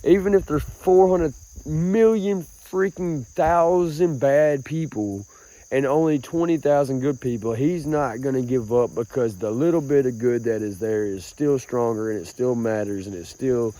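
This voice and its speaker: Young guy, mellow tone, rambling cussing vlog talk outdoors in a field. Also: medium pitch. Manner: rambling, swears often, calls listener bro. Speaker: vlogger. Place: outdoors in a rural grassy field.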